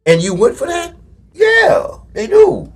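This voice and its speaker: A man's voice: extremely high pitch, takes it slowly. A man, co-hosting a casual relationship talk show and telling stories while acting out the people in them. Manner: animated storytelling, acting out quoted people. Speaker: co-host.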